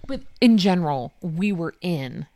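A woman in her thirties, telling a family story in a chatty, animated way with fillers. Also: fairly low pitch, measured pace, no echo. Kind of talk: casual chat.

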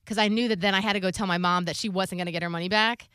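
A woman's voice: medium pitch, rapid-fire, clear, resonant tone, dry recording, studio quality. A woman in casual podcast chat, telling personal stories openly and acting out what people said. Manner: open, confessional storytelling with lively quoted voices.

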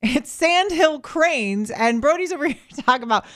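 A woman in her thirties from Florida, co-hosting a morning radio show in quick, chatty banter with frequent laughs. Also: sits high, animated, a bit bright. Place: radio studio. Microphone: studio microphone.

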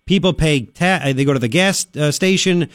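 Male talk radio host, brisk questioning, slightly high voice, dry studio mic. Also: dry recording. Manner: quick, prompting questions, repeats himself.

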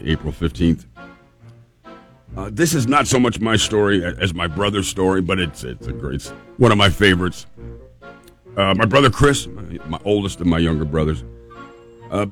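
A man's voice: sits low, fairly bright tone. Chatty man telling a funny story. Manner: chatty, restarts and laughs while telling. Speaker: podcast host. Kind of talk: casual storytelling.

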